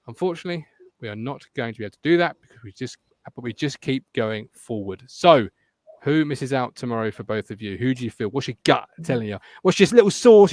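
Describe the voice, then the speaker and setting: Teasing English podcast host, dry mic. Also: male voice, fairly high pitch, no room sound. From England. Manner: reads out listener comments, teasing and animated. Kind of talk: casual football podcast chat.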